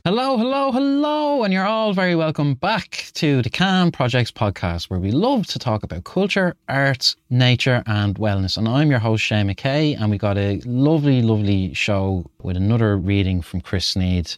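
A man's voice: lowish voice, animated, moderate pace, few pauses, no room sound, clean studio sound. A man hosting a podcast, giving a cheerful introduction. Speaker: podcast host.

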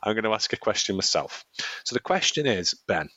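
A man co-hosting a casual podcast, rambling through his stories and laughing often. His voice sits fairly low. The recording is dry and a little dull. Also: big pitch swings, a little fast, sharp tone, no echo. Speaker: podcast co-host. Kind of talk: casual chat.

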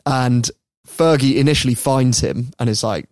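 A man tells a sports story in a relaxed, chatty way, laughing often and slipping into voices for quotes. His voice sits mid-range and the sound is dry and close. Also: medium pitch, moderate pace, dry recording. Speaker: podcast host. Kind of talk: casual storytelling chat.

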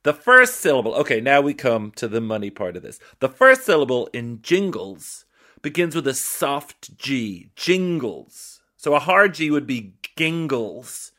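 A man's voice: medium pitch, big pitch swings, a little slow, bright, forceful tone. An Irish man hosting a comic podcast, reading listener emails aloud and stopping to riff on them with a wry, playful manner. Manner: wry, playful, stops to riff on what he reads. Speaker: podcast host.

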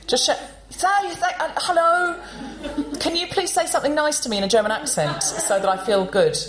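A woman hosting a comedy podcast on stage, telling a story to a live audience in an animated, chatty way and acting out the people in it. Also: high-pitched, brisk.

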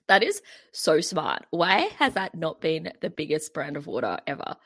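Australian woman podcast co-host, lower voice, chatty and giggly. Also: fairly bright tone. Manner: chatty, giggly, many fillers. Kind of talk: casual chat.

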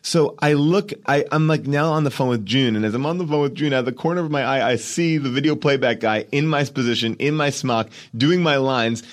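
A man who is a podcast guest, telling anecdotes in a lively, animated way and acting out the dialogue. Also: mid-range voice, brisk, few pauses. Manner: animated storyteller, acts out dialogue.

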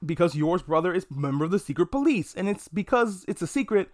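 Hosting a casual anime review podcast solo, this man speaks fast in a high-sitting voice with lively intonation. He's frank and jokey, swearing a lot, and he's recorded on a podcast mic.

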